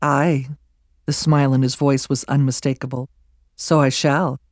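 A narrator reads a historical novel in a measured, even way, close to the microphone. The sound is dry with no room around it, and the pitch sits in the middle. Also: no echo. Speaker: audiobook narrator. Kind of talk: scripted narration.

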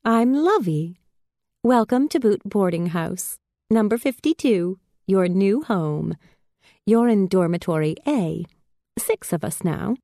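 A woman's voice: mid-range voice, animated, slow pace, dark tone, no room sound, clean studio sound. A woman voicing a bouncy, light, mischievous young mill girl in a storybook reading. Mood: teasing. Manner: teasing, light.

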